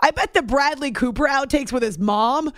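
A woman's voice: sits high, moderate pace, a bit bright, no echo, studio quality. A woman hosting a morning radio show, chatting casually and self-deprecatingly, laughing often.

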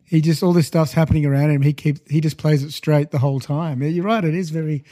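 Mellow man with a slightly rough throat. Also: a little high, quick pace. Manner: relaxed, searching for words. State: throat a little off. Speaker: podcast co-host. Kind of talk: casual chat.

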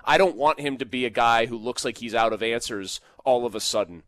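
A man co-hosting a sports talk show, arguing his points in animated casual debate and often saying "like". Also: medium pitch, a little fast, no echo. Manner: argumentative, animated, fond of "like".

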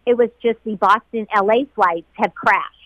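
A woman's voice: medium pitch, normal speed, no echo. Middle-aged woman telling her story, heartfelt, dry and kinda muffled. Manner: heartfelt, quotes others in lively voices. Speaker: flight attendant guest. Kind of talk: emotional interview recollection.

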